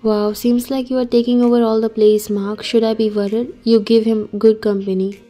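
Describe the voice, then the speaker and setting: Playful young mother, as a woman reads her, even, warm voice, gentle teasing. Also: fairly high pitch, moderate pace, soft background music, close to an everyday voice. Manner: light, playful.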